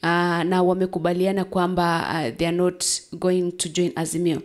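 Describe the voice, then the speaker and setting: A woman co-hosting a political talk show, asking quick questions and switching between Swahili and English. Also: on the low side, flat delivery.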